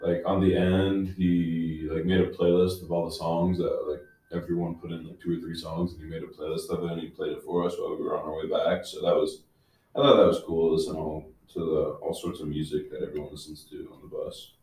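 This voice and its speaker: Deep-voiced young man, distant, echoey. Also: flat delivery, a little fast, a little mellow. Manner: hesitant, lots of fillers. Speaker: student in a group discussion. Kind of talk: casual chat. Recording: very echoey room, far from mic.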